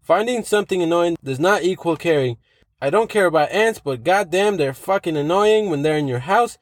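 A man's voice: fairly high pitch, animated, fairly quick, no room sound, clean studio sound. A man hosting a podcast, reading online posts aloud and ranting about them in a profane, sarcastic, rambling way. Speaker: podcast host.

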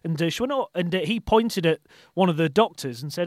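A man's voice: high-pitched, expressive, fast talker, no room sound, studio quality. A man hosting a podcast, a chatty storyteller who tells anecdotes and laughs easily. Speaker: podcast host. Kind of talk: casual chat.

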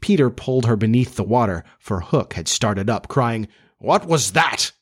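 A man narrating a children's storybook in a steady, measured reading voice. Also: on the low side.

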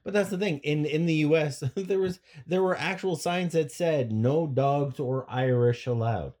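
A man's voice: on the high side, measured pace, darkish tone. A man co-hosting a podcast, rambling through jokes and stories in casual chat, often restarting his sentences. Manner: rambling, joking, trails off and restarts. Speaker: podcast co-host.

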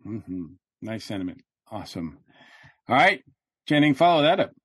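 A man's voice: on the low side, very animated, normal speed, fairly bright tone, husky, no room sound, clean studio sound. A man hosting a podcast in casual chat, upbeat and jokey with plenty of fillers. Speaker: podcast host.

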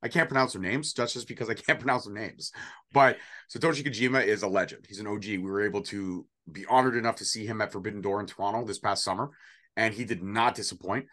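A man's voice: lowish voice, fast talker, pushed and bright. A man co-hosting a casual wrestling prediction show, joking and rambling with sarcastic asides. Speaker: podcast co-host.

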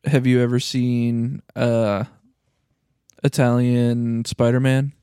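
A man in casual podcast chat who laughs often and reacts quickly to his friends. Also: mid-range voice, little pitch movement, dark tone, clear, resonant tone, no echo, studio quality. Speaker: podcast guest.

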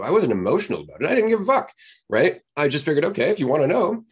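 Husky dude on a podcast, pitch jumping all over, blunt and sweary. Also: male voice, fast. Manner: animated, blunt, swears freely. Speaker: podcast co-host. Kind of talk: casual podcast chat.

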